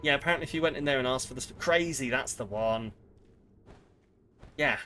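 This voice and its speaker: A man's voice: medium pitch, brisk, bright, forceful tone, a little hiss or hum. A young man streaming a game and ranting sarcastically in casual chat. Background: game music.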